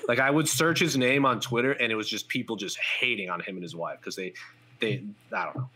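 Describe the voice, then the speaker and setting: A man's voice: medium pitch, brisk, bright, forceful tone, slightly rough. A man co-hosting a podcast, chatting casually and trailing off with fillers. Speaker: podcast co-host. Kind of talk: casual chat.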